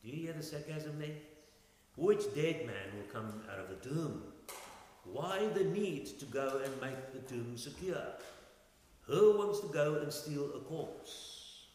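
A man preaching a sermon, swinging between loud and soft and asking rhetorical questions. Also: fairly high pitch, animated, takes it slowly, a little hiss or hum. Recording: echoey hall with long reverb.

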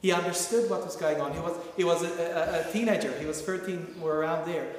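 Male preacher, slightly high voice, emphatic and repetitive, booming hall reverb. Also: fairly even intonation, brisk. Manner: emphatic, repeats phrases, many restarts. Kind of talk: sermon. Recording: echoey hall with faint noise.

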